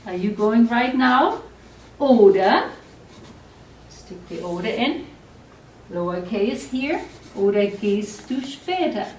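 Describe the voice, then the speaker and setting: A woman teaching a German class, explaining slowly and patiently and often checking that the students follow. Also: fairly high pitch, lively intonation, darkish tone, slight background noise. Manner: slow, patient explaining with frequent check-ins. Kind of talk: classroom lecture at a board. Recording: echoey room, voice from far off.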